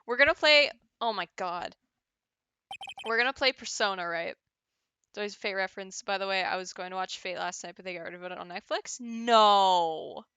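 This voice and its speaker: A woman streaming a game, chatting casually with excitable asides and cursing. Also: mid-range voice, fairly quick, clear, resonant tone, no room sound. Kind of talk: casual game commentary while reading dialogue.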